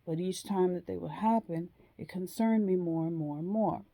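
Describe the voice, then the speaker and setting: A woman telling a personal story in a slow, hesitant way, with frequent pauses and ums. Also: lowish voice, creaky, mellow. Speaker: vlogger.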